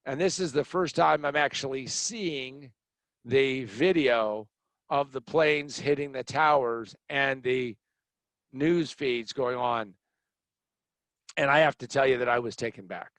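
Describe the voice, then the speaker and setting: Middle-aged man, blunt storyteller, animated, dry close mic. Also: medium pitch, a little slow, no room sound. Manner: animated, blunt, acts out other people's lines. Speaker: podcast host telling a personal story. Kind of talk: storytelling monologue.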